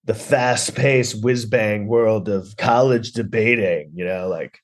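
A man's voice: fairly low pitch, moderate pace, hardly any pauses. A man hosting a podcast, rambling sarcastically through a comedic movie review. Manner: rambling, sarcastic, lots of restarts and "like". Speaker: podcast host.

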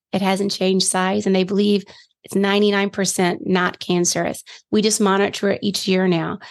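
A middle-aged grandmother with a mid-range voice shares an earnest personal testimony as a guest on a faith interview, stressing key phrases emphatically.

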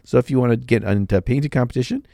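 A man's voice: mid-range voice, racing, vocal fry, mellow, no echo, studio quality. A man co-hosting a podcast in laid-back casual chat, stumbling into restarts now and then. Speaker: podcast co-host.

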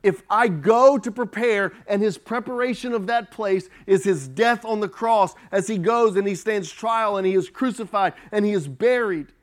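A man preaching a sermon as pastor, slow and emphatic, swelling and dropping his volume. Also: high-pitched.

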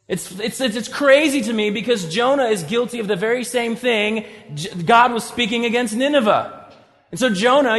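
A man's voice: high voice, fairly bright tone, big-room sound. A man preaching a sermon, talking conversationally and acting out scripture stories as he retells them. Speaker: pastor.

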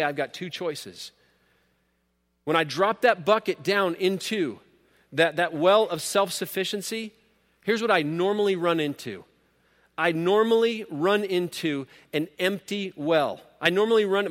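A man preaching a sermon, earnest and emphatic, rising to loud peaks and then dropping low. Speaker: pastor. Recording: long hall reverb.

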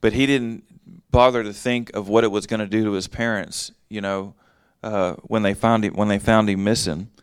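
A man with a low, resonant voice leads a casual Bible teaching. He reads a passage, then explains it in plain everyday words. The sound is dry and close, with almost no room around it. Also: steady tone, normal speed, few pauses, clear, resonant tone, dry recording. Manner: conversational, reads verses then explains them in plain talk.

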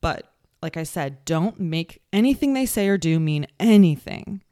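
Blunt, profane woman podcaster, lower voice. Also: lively intonation, normal speed, dark tone, no room sound, studio quality. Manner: blunt and profane, with mocking sing-song impressions. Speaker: podcast host. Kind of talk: casual solo podcast talk.

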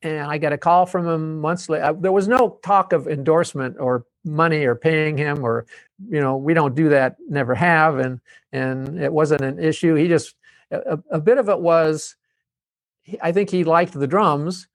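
A man's voice: on the high side, normal speed, no room sound. An older man, a guest on an interview show, telling a long story in a chatty way and slipping into the voices of the people he quotes. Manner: chatty, acts out quoted dialogue. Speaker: guest, drum company founder.

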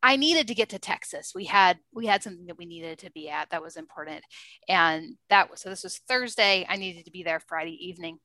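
Woman guest, casual anecdote, bright tone, dry close mic, lively and chatty. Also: lowish voice, brisk, dry recording. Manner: chatty, animated, laughs often. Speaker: interview guest. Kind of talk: casual storytelling.

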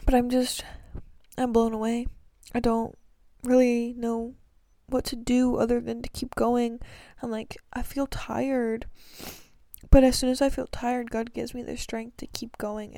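Earnest rambling young woman, gravelly edges. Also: fairly high pitch, little pitch movement, unhurried, mellow, no room sound. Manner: rambling, earnest, many "like" fillers and restarts. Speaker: podcast host. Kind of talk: casual faith-based podcast monologue.

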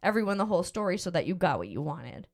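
With a lowish, slightly mellow voice, this middle-aged podcast host talks fast in a sing-song way. She rambles emotionally through a personal story, leaning on lots of filler words in a casual chat.

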